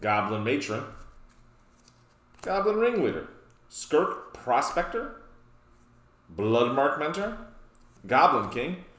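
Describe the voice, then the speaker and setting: A man's voice: mid-range voice, sing-song, slow pace, long pauses, a bit bright. Man, middling voice, jokey rambling card game host in an echoey room. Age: adult, past his youth. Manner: joking, rambling asides. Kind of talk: casual deck walkthrough. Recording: roomy echo.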